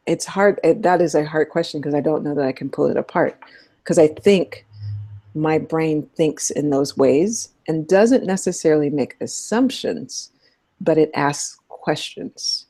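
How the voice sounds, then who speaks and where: Low, mellow-voiced middle-aged woman, thoughtful. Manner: thoughtful, animated, laughs often. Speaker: social justice educator and guest. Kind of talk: conversational interview.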